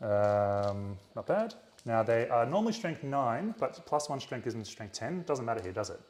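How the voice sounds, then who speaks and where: Lively man counting dice. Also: medium pitch, moderate pace. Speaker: wargame player. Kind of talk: casual tabletop game banter.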